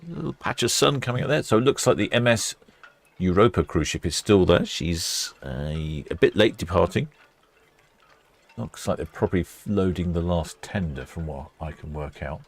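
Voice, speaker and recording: A man's voice: low-pitched, expressive, moderate pace, vocal fry. A man hosting a live stream, chatting casually, reading out viewer comments and poking fun at himself. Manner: chatty, self-mocking, thinks aloud.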